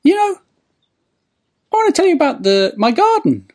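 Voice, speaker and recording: A gentle little old man chatters away in a thin, high voice, kind and sweet-natured, as a male storyteller puts him on. His voice lifts well above the teller's own. He keeps talking in a soft, friendly flow. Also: big pitch swings, normal speed. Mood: chatty. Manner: high-pitched, chattering and warm-hearted.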